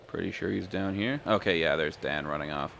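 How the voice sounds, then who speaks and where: A man's voice: sits low, a little fast, vocal fry, a bit bright, slight background noise. A man giving casual, joking commentary while he plays a video game, laughing often and reading the game's dialogue aloud. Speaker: gaming streamer. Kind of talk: casual let's-play commentary.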